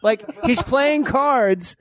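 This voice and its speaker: A man's voice: extremely high pitch, drawn-out words. A man hosting a podcast, telling a comic story full of swearing and acted-out voices. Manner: profane, animated, acts out voices. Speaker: podcast host.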